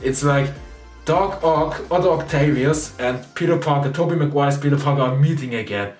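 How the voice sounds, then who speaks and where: Excited man reviewing a movie. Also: fairly high pitch, moderate pace. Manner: excited, retells scenes acting out quotes. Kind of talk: casual spoiler review. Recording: echoey room, distant mic, faint music.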